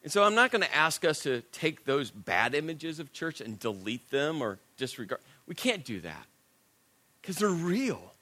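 Man preaching, middle-aged, bright forceful tone, slightly high voice, conversational and self-deprecating. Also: big pitch swings, moderate pace. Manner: conversational, self-deprecating, drops to a hushed voice for serious moments. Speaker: pastor. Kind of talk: sermon with a personal story.

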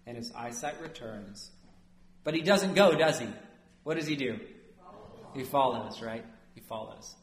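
A man preaching a sermon as a priest, lively and conversational, often asking his listeners "right?". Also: medium pitch, measured pace, pauses often, echoey room.

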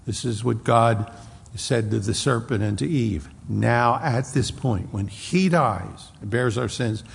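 A man preaching an expository sermon, slowing down and stressing key words as he explains a Bible passage. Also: mid-range voice, creaky, breathy edge, big-room sound. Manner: slow deliberate Bible exposition with emphatic stresses.

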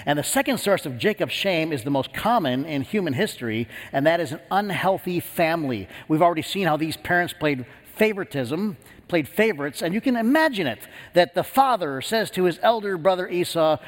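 A man's voice: fairly high pitch, animated, brisk, few pauses. Earnest preaching man, hall echo. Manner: earnest, storytelling, frequent restarts. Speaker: pastor. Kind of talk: sermon.

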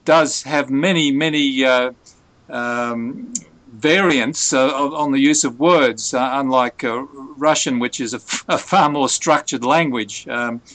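Man explaining patiently, halting, dry close sound. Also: mid-range voice, fairly bright tone, no room sound. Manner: hesitant, many fillers and restarts, patient explaining. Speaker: English tutor. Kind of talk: conversational language lesson.

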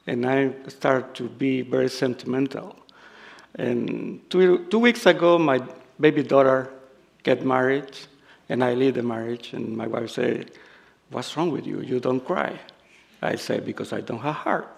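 An older man from El Salvador with a Salvadoran Spanish accent, a native Spanish speaker preaching a sermon in halting English, humorous and self-deprecating, laughing often. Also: medium pitch, steady tone, gravelly. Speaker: guest preacher.

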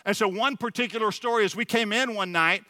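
A man's voice: high voice, a little fast, pushed and bright, no room sound. A middle-aged man preaching a sermon at a Sunday service, earnest and personal, telling stories with frequent restarts. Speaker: church leader speaking at a Sunday service.

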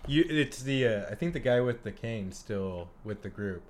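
A man's voice: mid-range voice, lively intonation, moderate pace. A young man co-hosting a podcast, telling rambling stories in casual chat with lots of fillers. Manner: rambling storyteller, frequent fillers and laughter. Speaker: podcast co-host.

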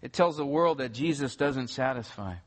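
A man's voice: medium pitch, normal speed. A man preaching a sermon as pastor, explaining scripture step by step and rising to urgent emphasis at key points. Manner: earnest, rises to urgent emphasis.

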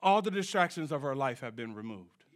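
A man preaching a sermon in church, swinging from low, quiet lines to shouted peaks and drawing answers from the congregation. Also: very animated, brisk. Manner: call-and-response with the congregation. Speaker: pastor.

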